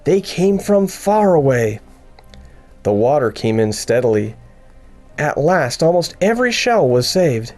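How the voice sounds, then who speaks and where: A man narrating a children's storybook in an expressive, unhurried reading. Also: on the high side, faint music behind. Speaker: audiobook narrator.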